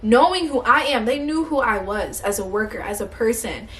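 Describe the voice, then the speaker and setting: A young woman vlogger telling a workplace story in a blunt, animated rant, swearing often and sounding tired and hungry. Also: on the high side, moderate pace.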